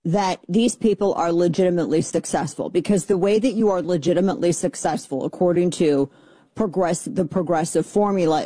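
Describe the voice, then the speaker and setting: Low, mellow-voiced woman radio talk host. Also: dry recording. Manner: chatty and opinionated, sarcastic asides. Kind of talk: casual political talk radio monologue. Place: radio studio.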